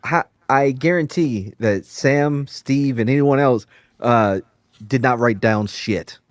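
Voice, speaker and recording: A man with a Southern US accent hosting a podcast in casual chat, animated and swearing freely. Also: mid-range voice, slow, no echo. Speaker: podcast host.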